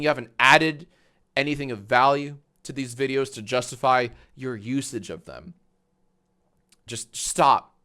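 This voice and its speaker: A man's voice: medium pitch, fairly bright tone, smooth. A man hosting a casual livestream, reacting to videos with sarcastic, profane rants. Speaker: livestream host.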